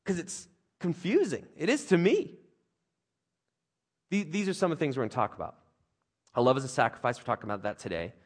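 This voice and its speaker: A man, a father of young kids, preaching a conversational sermon with jokes and playful put-on voices. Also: on the high side. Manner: animated, conversational, jokey, with playful voices for others. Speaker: pastor.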